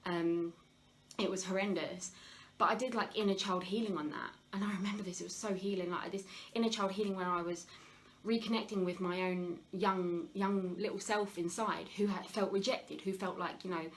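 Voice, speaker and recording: A woman's voice: medium pitch, fairly even intonation, normal speed, slight background noise, rough recording. Woman sharing openly on a live stream. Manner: open, confessional, many fillers and restarts. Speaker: health talk host.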